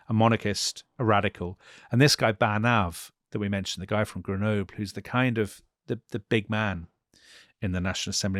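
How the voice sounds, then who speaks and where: A man with a fairly low voice recounts history in a lively storytelling manner, slipping into brief quoted lines for the people involved. The studio sound is dry and close, with no room around it. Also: no echo. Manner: vivid, animated retelling with acted quotes. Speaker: podcast co-host.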